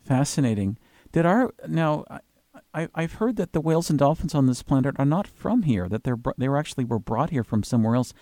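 A man's voice: mid-range voice, lively intonation, a little fast, warm tone, no echo, studio quality. A man hosting a radio interview, encouraging his guest with brief affirmations and stammering restarts. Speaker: radio host.

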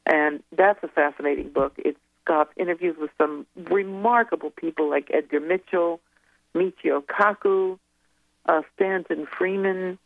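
Woman, phone interview guest, gravelly, hesitant recalling, phone-line sound. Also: lowish voice, measured pace, no room sound. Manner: rambling, hesitant while recalling. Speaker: guest author. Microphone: telephone.

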